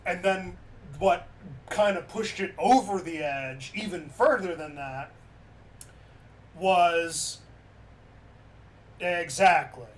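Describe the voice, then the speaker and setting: A man streaming in a casual chat, retelling a story in a loose, animated way with many fillers. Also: sits high, slow, pauses often. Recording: distant mic with faint background noise.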